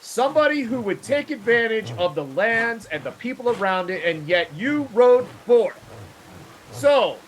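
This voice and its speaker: A man's voice: very high-pitched, big pitch swings, unhurried, a little hiss or hum, poor audio. A man playing a tabletop role-play game, speaking in character as a stern lord in commanding, declamatory speeches. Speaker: player.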